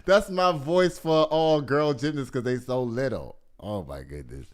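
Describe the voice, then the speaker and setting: Sassy, animated gossip host. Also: male voice, medium pitch, unhurried, hardly any pauses. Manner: animated, sassy, laughs often, addresses listeners as y'all. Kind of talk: casual gossip news commentary.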